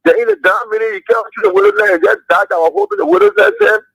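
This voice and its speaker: A man's voice: very high voice, steady tone, fast talker, vocal fry, a bit bright, no room sound. A man calling into a radio show over a phone line, repeating himself emphatically. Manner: repetitive, emphatic, disappointed. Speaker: caller. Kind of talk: phone-in complaint.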